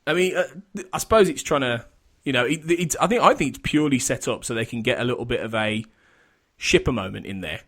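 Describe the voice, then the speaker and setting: A man's voice: mid-range voice, expressive, fast talker, fairly bright tone. A man hosting a casual podcast chat, rambling and restarting his sentences, laughing often. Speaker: podcast host.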